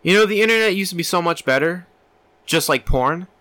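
A man's voice: sits high, animated, brisk, sharp tone, no echo. A young man co-hosting a comedy podcast, rambling and swearing as he tells stories. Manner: profane, rambling storytelling with put-on voices. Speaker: podcast co-host. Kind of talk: crude comedic chat.

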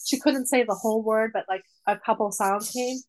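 A woman in her forties telling a long personal story in a casual, rambling way, full of fillers and lively quoted asides. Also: a little high, normal speed, poor audio. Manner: rambling, many "like" fillers, animated when quoting. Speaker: mother of a nonverbal daughter, guest.

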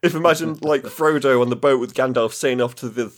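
A man's voice: mid-range voice, fast. A man narrating as game master in a tabletop role-playing session, playful and chuckling as he describes the scene.

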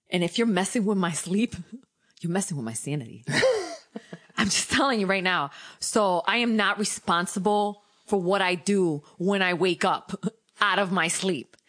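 A woman co-hosting a casual chat, animated and laughing easily. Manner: animated, laughing, big pitch jumps in quoted voices. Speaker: podcast co-host.

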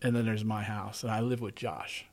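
A man's voice: on the low side, little pitch movement, normal speed. A middle-aged man hosting a podcast, telling a long personal story in casual, rambling talk and often repeating himself. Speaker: podcast host.

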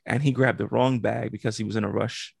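A man's voice: mid-range voice, steady tone, fairly quick, vocal fry, slightly rough, no echo, studio quality. A man co-hosting a podcast, telling a story in casual chat, acting out the quotes and laughing often. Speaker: podcast co-host.

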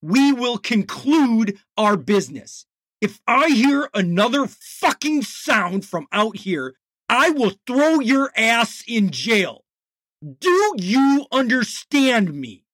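A man's voice: mid-range voice, lively intonation, slow, a bit bright, dry recording, studio quality. A man doing a stern, commanding boss. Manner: barking, authoritative. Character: commanding male office boss, stern and forceful.

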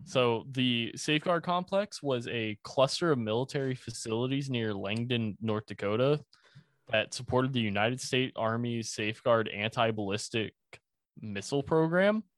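A man's voice: medium pitch, moderate pace, dry recording. A young man in casual podcast chat, rambling through an explanation with laughs and the odd curse. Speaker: presenter of a conspiracy topic.

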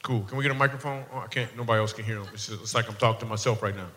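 His voice medium in pitch, bright and forceful, this stand-up races through playful crowd work, teasing audience members and laughing at his own gags. A handheld mic records him amid long hall reverb and faint room noise.

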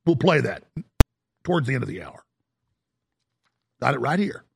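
A man's voice: medium pitch, very animated, moderate pace, vocal fry, slightly rough. A man hosting a talk radio show, delivering an indignant, mocking rant. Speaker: radio host.

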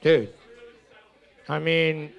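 A man co-hosting a podcast, rambling and cursing through deadpan jokes. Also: a little high, very slow, creaky. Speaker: podcast co-host. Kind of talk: casual podcast banter.

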